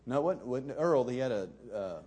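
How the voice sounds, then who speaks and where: A middle-aged pastor with a drawl preaches in a folksy, conversational manner, spinning stories for his congregation. His voice is mellow and warm, with a husky edge. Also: mid-range voice, lively intonation, moderate pace. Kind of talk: sermon with folksy storytelling.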